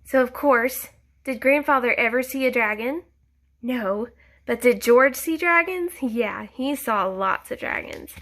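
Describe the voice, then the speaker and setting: A woman reading a picture book aloud to children, gently asking them questions with soft whispered asides. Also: a little high, a little slow.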